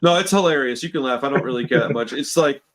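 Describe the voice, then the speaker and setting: A man's voice: medium pitch, fast talker, over a noisy crowd. A man in his forties from Texas, hosting a podcast and telling rambling stories full of slang and swearing. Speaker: podcast host. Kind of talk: casual chat.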